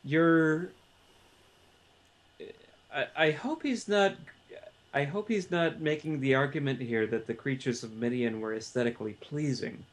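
A man's voice: fairly high pitch, measured pace, pauses often. A man co-hosting a casual film podcast, stammering and restarting his phrases as he makes his point. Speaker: podcast co-host.

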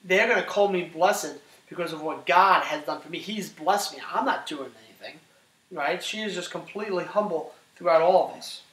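Animated man teaching, roomy and off-mic. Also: sits high, moderate pace, distant mic. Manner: animated, asks the class questions, says "right?" often. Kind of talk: classroom lecture on scripture.

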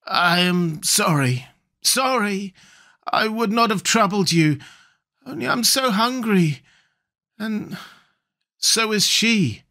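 A man voicing a starving, haunted shipwrecked man who speaks in a husky, pleading, broken way. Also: on the high side, takes it slowly, sharp tone, heavily acted. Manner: hopeless, pleading, broken speech.

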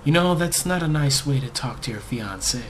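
A man voicing a bossy, violent young woman fiancée in a high, screeching put-on voice. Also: expressive, brisk, a bit bright, slight background noise, close to an everyday voice. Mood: demanding.

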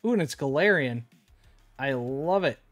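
A man's voice: medium pitch, animated, moderate pace, dry recording, soft background music. A man streaming live, opening card packs and chatting casually with his viewers. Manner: chatty, reads card names aloud, talks to chat.

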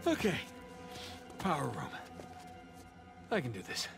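A man's voice: a little high, wildly swooping pitch, unhurried, creaky, exaggerated voice. An actor playing a quippy adult male adventurer in a game, with music behind. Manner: quippy, wry asides. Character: wisecracking adventurer thief, adult man. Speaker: game character.

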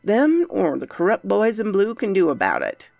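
A woman's voice: medium pitch, huge pitch swings, moderate pace, creaky, dry recording, faint music behind, voice pushed up. A woman voicing a wary male pawn shop clerk with a thick Southern accent and blunt, folksy talk. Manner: blunt, folksy, drops to a hushed warning.

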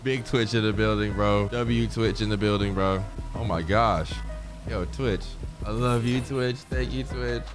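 A young man chats casually while streaming a game, slangy and relaxed. His voice sits a little low. Game music plays under him. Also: a little slow. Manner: laid-back, slangy, says bro a lot. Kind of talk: casual gaming livestream commentary. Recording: game music playing behind.

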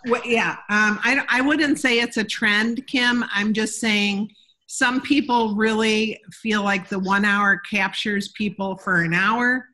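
A woman's voice: medium pitch, steady tone, takes it slowly, sharp tone. A woman hosting a casual video call chat, talking with a lot of ums and restarts. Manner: chatty, hesitant with many ums. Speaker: meeting host.

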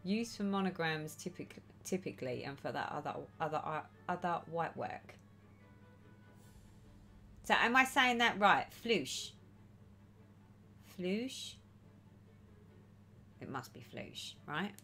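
A woman's voice: fairly low pitch, animated, slow, long pauses, bright, forceful tone, soft background music. A woman hosting a casual stitching livestream, chatting and reading viewers' comments aloud with a lot of giggling. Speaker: livestream host.

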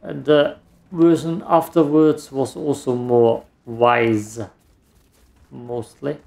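A gameplay streamer offers casual let's play commentary, making dry, self-mocking remarks as he plays a video game. His medium-pitched voice is slow, level in tone, creaky, and a little mellow.

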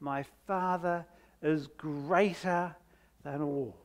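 Steady in tone and mid-range in pitch, a preacher reads scripture aloud at a church service. He moves slowly and deliberately, leaning hard on key words and fading to near silence at the end of each phrase.

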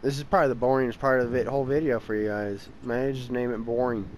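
Young male gaming host, mid-pitched, tired and yawning, casual and impatient with the game. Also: fairly even intonation, fast talker, a little hiss or hum, low-quality recording. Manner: frustrated, impatient, talks to the game. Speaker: gameplay channel host. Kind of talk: casual let's-play commentary.

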